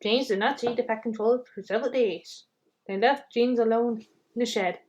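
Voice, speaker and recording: A woman reading a children's storybook aloud, halting with restarts and clearing her throat. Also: on the high side, darkish tone, highs cut off.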